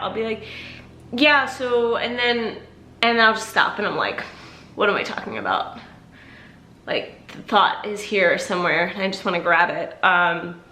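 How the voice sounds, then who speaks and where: A woman's voice: medium pitch, sharp tone, a little hiss or hum. A tired woman vlogging candidly and casually, rambling with lots of fillers. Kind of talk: casual personal vlog talk. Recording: echoey room.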